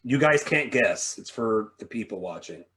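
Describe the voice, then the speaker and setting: A man's voice: on the low side, moderate pace. A man co-hosting a casual podcast happy hour, playful and jokey, asking questions and teasing his co-hosts. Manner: playful, jokey, animated delivery. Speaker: podcast co-host. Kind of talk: casual live-stream chat.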